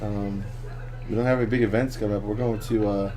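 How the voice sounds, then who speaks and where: A man co-hosting a podcast in a casual, joking chat, quick to laugh and ramble. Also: fairly low pitch, steady tone, dark tone. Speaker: podcast co-host.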